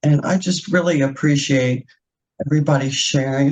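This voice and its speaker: A woman's voice: low voice, normal speed, a little mellow, rough recording. Tearful woman sharing from the heart. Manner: tearful, heartfelt, laughing through tears. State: crying. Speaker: participant. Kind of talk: emotional personal share.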